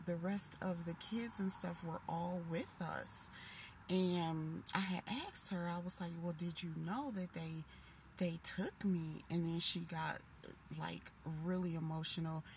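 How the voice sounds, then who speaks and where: A woman in her late thirties telling a long dream story in a casual, animated way, full of restarts. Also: on the low side. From Minnesota. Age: 30s. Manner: animated, emotional retelling with restarts. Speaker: vlogger. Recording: noisy background hiss.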